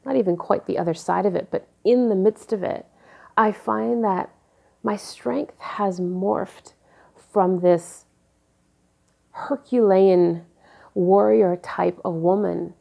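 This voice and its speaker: A woman in her forties speaking candidly to camera, telling personal stories and reflecting slowly and deliberately. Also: fairly low pitch, gravelly, warm tone. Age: 40s. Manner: candid, storytelling, turns slow and deliberate when reflective. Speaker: vlogger.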